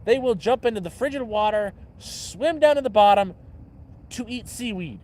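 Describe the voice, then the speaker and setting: Rambling man, fairly high voice. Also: lively intonation, moderate pace. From Canada. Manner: rambling, jumps between loud bursts and low mutters. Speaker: livestream host. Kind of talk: casual rambling chat. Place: outdoors by a campfire.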